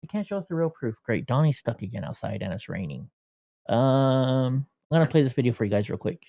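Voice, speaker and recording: A man's voice: medium pitch, very animated, a little fast, vocal fry, mellow, highs cut off. A man hosting a casual commentary vlog, sarcastic and grumbling, out of breath from walking. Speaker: vlogger.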